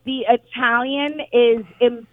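A woman's voice: a little high, fairly even intonation, takes it slowly, narrow, tinny audio. A woman calling a radio show, gushing and rambling, with a speech impediment. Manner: gushing, rambling, restarts often. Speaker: caller. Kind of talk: excited call-in chat.

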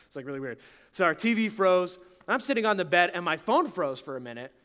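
A young man with a high, bright voice preaches in a loose, conversational way. He tells his story with lots of "like" and quick laughs, then turns it toward the congregation. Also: clear, resonant tone. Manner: animated, chatty, laughs often, full of "like". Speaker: pastor. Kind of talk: casual storytelling sermon.

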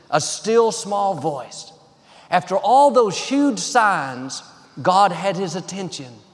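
Pastor, man, high voice, upbeat sermon cadence, reverberant hall. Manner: encouraging, declarative preaching in short rhythmic phrases.

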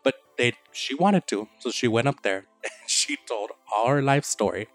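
A man in the host's chair, telling the story loosely and crudely with plenty of swearing. He slips into quick, animated impressions of the people he quotes, at an average pitch with faint music underneath. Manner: profane, animated retelling with quoted voices. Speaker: podcast host. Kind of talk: casual storytelling chat.

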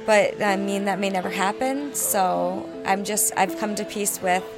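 A woman in her late twenties being interviewed backstage, thoughtful and candid, slowing down to weigh her words. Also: mid-range voice, steady tone, music in the background. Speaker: interview guest. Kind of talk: reflective interview. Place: backstage after the show.

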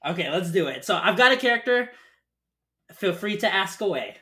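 A man hosts a casual podcast with a bright, slightly tense voice. He is upbeat and chatty, and he is easily moved by what his guest tells him. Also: sits high, very animated, moderate pace. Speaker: podcast host.

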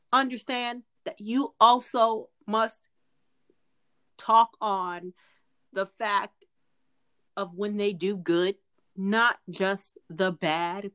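Young woman on a podcast, earnest, keeps repeating herself, mid-pitched voice. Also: takes it slowly. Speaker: podcast co-host. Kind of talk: casual chat.

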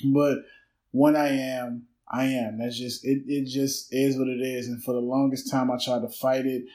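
A man's voice: mid-range voice, flat delivery, moderate pace, dark tone, low-quality recording. A man, hosting an unscripted solo podcast, talking candidly and reflectively, swearing freely and rambling through his thoughts. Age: 30s. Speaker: podcast host.

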